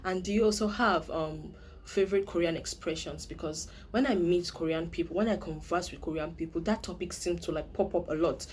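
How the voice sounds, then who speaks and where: Laughing a lot, a young vlogger from Nigeria talks casually and playfully to camera. She speaks a little fast in a lowish voice, and there's slight hiss or hum on the track.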